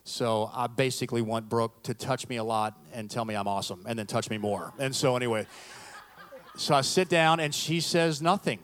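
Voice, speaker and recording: Here a middle-aged man preaches a sermon full of funny stories, voicing the characters himself and joking at his own expense with lively energy. His pitch is mid-range and his speed normal.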